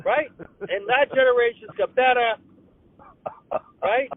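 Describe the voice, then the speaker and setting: A man's voice: very high voice, a little slow, dry recording. An older man, a comedian ranting on a phone call, stammering and restarting as he talks. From Boston area. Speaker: comedian guest. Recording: tinny dry phone line.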